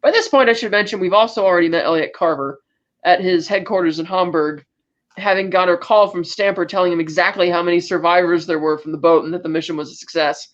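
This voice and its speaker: On dull-sounding audio, a man with a high, slightly bright voice co-hosts a podcast. He casually walks through film scenes, performing the lines in quick asides as he goes.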